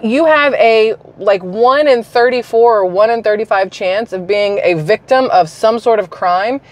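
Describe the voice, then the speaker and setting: A woman's voice: fairly high pitch, unhurried. Chatty, blunt woman vlogger. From South Carolina, US. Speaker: YouTuber. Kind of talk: casual news commentary vlog.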